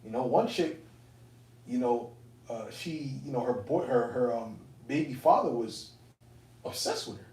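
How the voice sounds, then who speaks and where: A man casually telling a personal testimony to fellow believers, animated and profane, with streetwise phrasing. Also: mid-range voice, unhurried, long pauses. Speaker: elder speaking to fellow believers. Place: indoor camp meeting room. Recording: roomy, distant mic, faint room noise.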